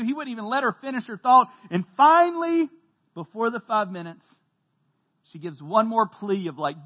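A man preaching a sermon to a congregation as pastor, telling stories with humor and lively emphasis. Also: very high voice, moderate pace, lo-fi sound. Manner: animated storytelling, jokes with the congregation, shouts when quoting. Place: church hall.

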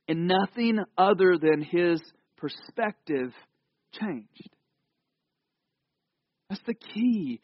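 A high-voiced male pastor delivers a sermon in a casual, conversational manner, moving between animated storytelling and sudden hushed passages. The recording is dry, with little room sound, and slightly dull in tone. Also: drawn-out words, long pauses, dry recording. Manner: conversational preaching with sudden swings from loud to hushed.

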